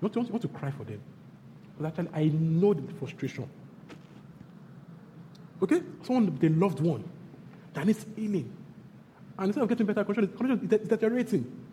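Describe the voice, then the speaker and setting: A man with a Nigerian accent preaching a sermon as pastor, repeating his phrases and swinging between loud bursts and hushed lines. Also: high-pitched, very animated, a little fast, pauses often, slight background noise. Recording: long hall reverb, faint background ambience.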